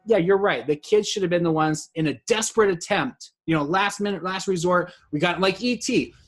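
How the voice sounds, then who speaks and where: A co-host in a casual movie review discussion, talking in rambling, restarting sentences and dropping low when complaining. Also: a little fast.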